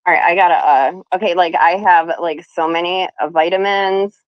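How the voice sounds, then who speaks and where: A woman's voice: fairly low pitch, steady tone, moderate pace, clear, resonant tone, no echo, dull audio. A woman chatting on a livestream, rambling with lots of fillers. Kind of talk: casual livestream chat.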